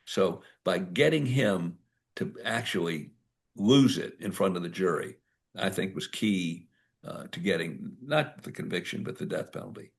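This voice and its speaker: A man's voice: deep voice, unhurried. An older man, an author and former prosecutor, telling anecdotes at a book talk and acting out the dialogue.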